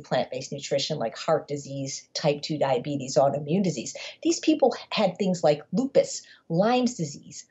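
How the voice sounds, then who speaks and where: Very husky woman, mellow and emphatic. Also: fairly low pitch. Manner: emphatic, repeats words when building a point. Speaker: podcast guest. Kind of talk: conversational interview storytelling. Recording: dull lo-fi podcast audio.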